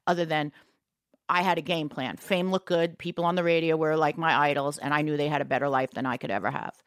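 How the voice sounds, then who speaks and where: A woman's voice: low-pitched, steady tone, fast, no room sound, clean studio sound. A middle-aged woman, a singer talking frankly and reflectively as a podcast guest. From New York, USA. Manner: frank and reflective, plain-spoken. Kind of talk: candid podcast conversation.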